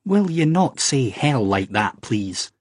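A man's voice: mid-range voice, sing-song, slightly rough, dry recording, studio quality, pitched above the performer's own voice, full character voice. A man doing a nervous young Scotsman. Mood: embarrassed, halting. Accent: Scottish. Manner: hesitant, halting, drawn-out reasoning. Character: anxious young Scottish man, earnest, fumbling.

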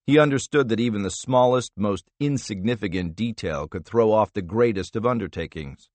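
A male audiobook narrator reads a thriller in a measured, expressive way. His pitch moves a lot, giving the narration lively swings. The recording is close and dry. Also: dry recording.

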